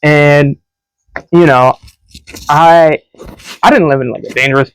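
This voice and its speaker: Young man, podcast co-host, animated storyteller, fairly high voice, dry close sound. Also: a little slow, smooth, no room sound, rough recording. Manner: animated storyteller who acts out quoted voices. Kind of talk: casual storytelling chat.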